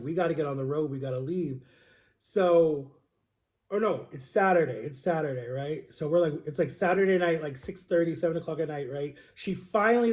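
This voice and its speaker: A young man with a noticeably high voice chats through a long personal story for his vlog. He rambles and circles back, peppering his telling with "like" and "right?" as if talking to friends. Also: darkish tone. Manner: chatty, rambling retelling full of "like" and "right?". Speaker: vlogger. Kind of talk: casual storytelling to camera.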